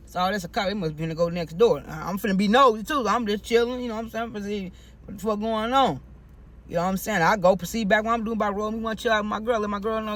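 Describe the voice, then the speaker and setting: A man with a high, bright voice tells a personal story in a loose, casual monologue. He is animated and emphatic, swears constantly, and keeps circling back with slangy filler phrases. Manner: heavy profanity, slangy and repetitive.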